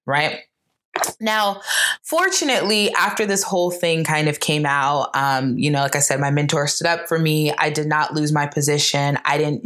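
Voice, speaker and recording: Low-voiced woman telling a personal story. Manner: animated, emphatic, many fillers.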